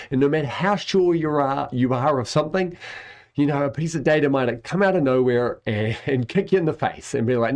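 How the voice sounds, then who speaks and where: Casting note: male lecturer, mid-pitched, chatty and enthusiastic, explainer video. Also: darkish tone. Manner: enthusiastic and conversational, with tag questions. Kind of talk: educational explainer.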